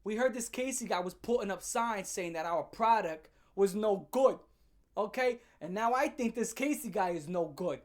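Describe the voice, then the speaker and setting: Brief: woman putting on a bullying heavy, barking threats in slangy, gruff speech. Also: mid-range voice, expressive, moderate pace, close to an everyday voice. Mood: threatening. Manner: loud, threatening, gruff street talk. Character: menacing male company enforcer, loud and aggressive.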